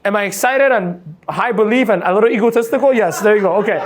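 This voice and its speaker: A man giving an energetic motivational seminar talk, quizzing a live audience with "yes or no?" and playing out examples. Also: high-pitched, fast, a crowd in the background. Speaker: motivational coach.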